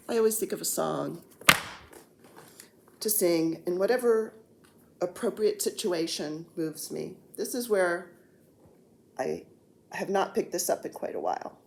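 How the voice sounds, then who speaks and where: A woman's voice: lowish voice, sing-song, unhurried, creaky, long pauses, a little mellow. A woman in her sixties chatting casually as a cross-stitch vlogger, rambling and joking while seated on the floor at home. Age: 60s. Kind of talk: casual chat.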